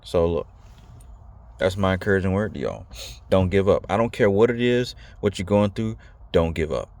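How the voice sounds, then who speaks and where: A man's voice: deep voice, lively intonation, moderate pace, a little mellow. A man giving a blunt, rambling casual talk to his viewers, slangy and repeating himself. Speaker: video host. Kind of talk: casual direct-to-camera talk.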